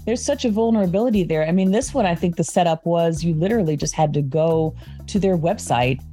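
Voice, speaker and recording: A woman guest in a casual chat, telling her story in a halting, chatty way with frequent restarts. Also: on the low side, mellow, soft background music.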